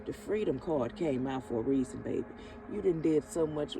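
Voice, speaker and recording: A woman's voice: low-pitched, lively intonation, normal speed, gravelly, warm tone, slight background noise, poor audio. A woman hosting a spiritual energy reading with spoken affirmations, drawing out her words, calling the listener baby, and breaking into chuckles. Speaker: spiritual reader and channel host. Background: music playing.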